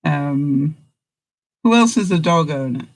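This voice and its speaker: A woman's voice: deep voice, lively intonation, takes it slowly, rough recording. Chatty older woman vlogger, laughing often. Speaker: vlogger host. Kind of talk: casual live-stream chat.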